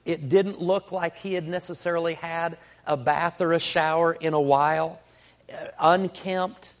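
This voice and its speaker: A man preaching a sermon, telling a folksy story in an unhurried way with many fillers. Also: on the high side, fairly even intonation.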